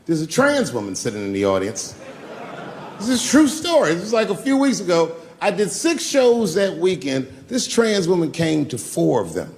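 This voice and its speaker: A man doing stand-up comedy, telling a long story and acting out the voices with big swings in pitch. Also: very animated, moderate pace, a little hiss or hum. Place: comedy club stage. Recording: live club with long reverb and faint ambience.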